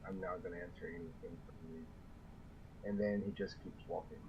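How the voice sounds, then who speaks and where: A man playing a tabletop role-playing game speaks in character in a lowish voice. He hesitates and fills his pauses with "um". His mic sounds dull and lo-fi, with a faint hiss behind him. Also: fairly even intonation. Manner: hesitant, with many "um"s. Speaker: player.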